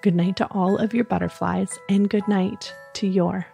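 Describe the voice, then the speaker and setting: A woman hosting a children's podcast, leading a gentle, soothing bedtime talk that encourages young listeners. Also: medium pitch, fairly even intonation, moderate pace, gravelly, over music.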